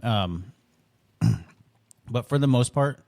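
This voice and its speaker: A man's voice: medium pitch, lively intonation, very slow, vocal fry, a little mellow, no room sound. A man co-hosting a podcast in casual chat, laid-back and hesitant, with many fillers. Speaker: podcast co-host.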